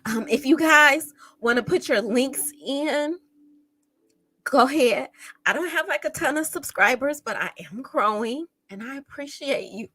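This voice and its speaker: A woman with a bright, fairly high voice chats casually to her livestream viewers, greeting them one by one. She is emotional and close to tears as she talks, and the sound is dry and close. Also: animated, a little slow, no room sound, poor audio. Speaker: teacher hosting a true crime livestream.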